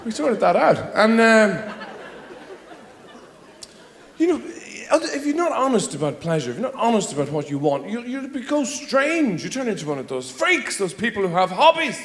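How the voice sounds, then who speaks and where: A man's voice: high voice, sing-song, normal speed, fairly bright tone, reverberant, some chatter behind, a little hiss or hum. An Irish man from Ireland doing a stand-up routine on a theater stage, rambling with sardonic, mock-exasperated asides. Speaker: stand-up comedian.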